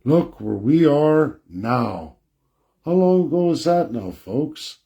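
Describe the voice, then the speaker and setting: A man's voice: fairly high pitch, very animated, slow, vocal fry, dark tone. A man giving a slide presentation, blunt and combative, often repeating his points for emphasis.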